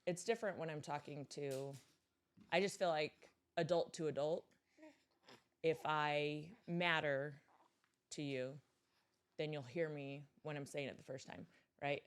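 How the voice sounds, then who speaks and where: A woman in her thirties co-hosting a podcast with her husband, reflective and soft-spoken as she talks through her feelings. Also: low-pitched, fairly even intonation, unhurried, pauses often, smooth. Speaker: podcast co-host. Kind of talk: casual chat.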